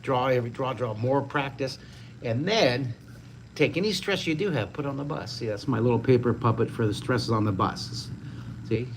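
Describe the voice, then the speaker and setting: A man's voice: medium pitch, normal speed, a little hiss or hum. An older man leading a live-streamed drawing lesson, upbeat, chatty and encouraging to his viewers. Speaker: drawing teacher.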